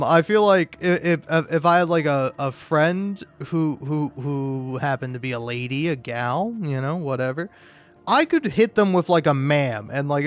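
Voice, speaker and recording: A drunk man rambling profanely in casual gaming commentary, full of restarts and fillers. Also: on the high side. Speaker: gaming YouTuber.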